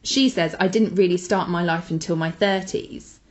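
A woman with a fairly low voice and moderate pace co-hosts a chatty podcast. She gushes enthusiastically about things she recommends in a casual conversation.

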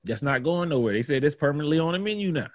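A man's voice: a little high, expressive, very fast, no echo, studio quality. A man hosting a podcast, telling rambling, profane stories in casual chat. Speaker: podcast host.

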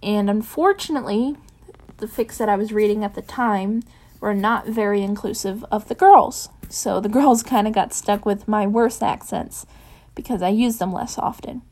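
Softly reading woman. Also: mid-range voice. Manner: soft, unhurried reading; chatty with many ums in the afterword. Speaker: fanfiction reader. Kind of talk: audiobook narration of fan fiction.

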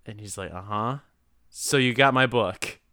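A man with a smooth, crisp, bright voice chats loosely about a movie. He rambles through his asides and laughs easily, recorded dry and close. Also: fairly low pitch, unhurried, dry recording. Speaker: podcast co-host. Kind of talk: casual movie recap chat.

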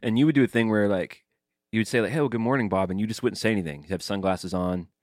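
A man's voice: fairly low pitch, fast talker, darkish tone, no echo, studio quality. A man hosting a podcast and chatting in a casual, easygoing, reflective way. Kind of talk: casual chat.

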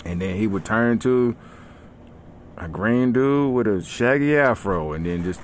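A man hosting a comedy podcast, telling stories in an animated, slangy, mock-aggressive rant. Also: on the low side, a little slow, a little hiss or hum. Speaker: podcast host.

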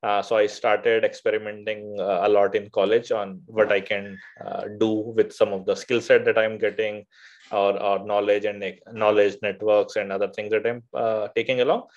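A man from India speaks as an interview guest with a low-pitched voice. His delivery is halting, with frequent filler sounds and self-corrections. The recording sounds muffled and lo-fi. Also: little pitch movement. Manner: hesitant, many filler uhs and restarts. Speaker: podcast guest, venture fund founder. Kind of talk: conversational interview.

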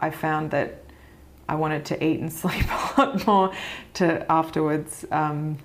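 Australian actress guest in her thirties, candid and chatty, low-ish voice, laughs easily. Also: steady tone, measured pace, a little hiss or hum. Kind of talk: casual podcast interview.

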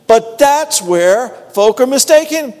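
A man's voice: very high-pitched, expressive, slow pace, a little mellow. Man preaching in an echoing church. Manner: conversational preaching with call-and-response. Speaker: pastor. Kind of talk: sermon. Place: church sanctuary. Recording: long hall reverb.

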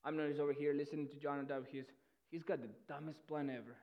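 A male pastor preaching a sermon with energy, often repeating words and swinging between loud and soft. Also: on the high side, flat delivery, quick pace. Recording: dull lo-fi sound.

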